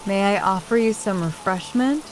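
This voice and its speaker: A woman's voice: mid-range voice, slow pace, slight background noise, natural voice, rough recording. Woman reading as a hesitant dutiful brother. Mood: polite. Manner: polite, tentative. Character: dutiful older brother, hesitant before royalty. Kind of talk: audiobook reading. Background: rain sound.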